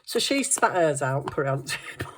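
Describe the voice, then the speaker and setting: Middle-aged woman, relaxed craft-vlog chatter, quick to laugh, a touch low in pitch. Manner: chatty storytelling, laughing often. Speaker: craft vlogger. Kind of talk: casual chat.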